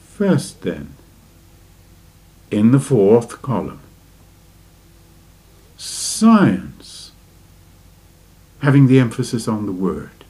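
Slow, deliberate man giving spiritual lecture. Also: fairly low pitch, very animated, mellow. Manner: deliberate, with rhetorical questions to listeners. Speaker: religious teacher.

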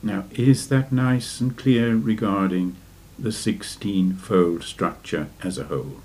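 A man giving a slow, deliberate spiritual lecture and asking his listeners rhetorical questions. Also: lowish voice, warm tone. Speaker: religious teacher.

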